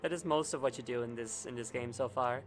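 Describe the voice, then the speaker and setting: A man's voice: medium pitch, quick pace, music in the background. A man streaming a video game, chatting jokily and profanely over the story. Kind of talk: casual gameplay commentary.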